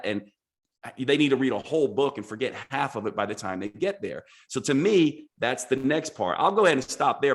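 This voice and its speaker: A man speaking as a podcast guest, explaining his ideas earnestly and in structured steps. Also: medium pitch. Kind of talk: casual podcast conversation.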